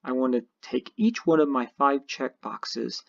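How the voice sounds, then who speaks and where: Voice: mid-range voice, animated, a little slow, vocal fry. A programming teacher narrating a screencast tutorial, explaining each step methodically. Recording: dull lo-fi screen recording.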